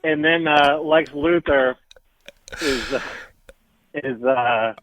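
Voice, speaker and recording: A man calling in to a live show, recapping in a deadpan, halting way with many fillers. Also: fairly high pitch, no room sound, low-quality recording. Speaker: caller. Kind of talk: casual call-in recap.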